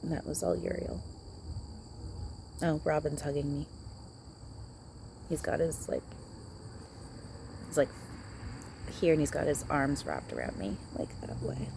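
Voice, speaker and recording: A woman's voice: low voice, very animated, measured pace, gravelly, long pauses, background noise. A woman talking outdoors in a channeling vlog, hesitant and reassuring, often repeating herself. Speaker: spiritual channeler.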